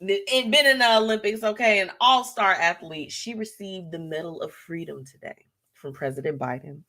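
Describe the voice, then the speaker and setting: Woman, live show host, casual chat, frequent laughter, slangy, animated pitch swings. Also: moderate pace.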